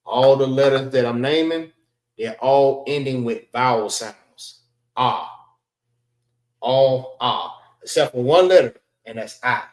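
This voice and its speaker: A man teaching a class, slowly sounding out letters one by one and repeating himself. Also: medium pitch, reverberant, low-quality recording. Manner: slow, repetitive, spells out sounds one by one. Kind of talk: classroom language lesson. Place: library meeting room.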